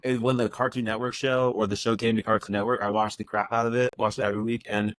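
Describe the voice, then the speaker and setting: A man's voice: fairly low pitch, flat delivery, no room sound. A man co-hosting a casual movie review podcast, telling stories enthusiastically and cutting himself off mid-sentence. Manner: rapid, enthusiastic, self-interrupting storytelling. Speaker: podcast co-host.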